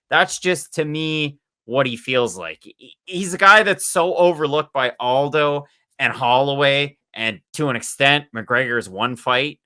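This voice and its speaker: A man co-hosting a casual sports podcast, steering the talk with quick, steady questions and opinions. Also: medium pitch. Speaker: podcast co-host.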